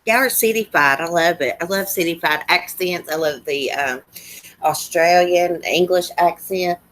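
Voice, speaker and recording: On her livestream, a Southern-accented woman answers viewer comments in a chatty, down-home drawl. She speaks at a measured pace, her voice on the low side with a bit of brightness.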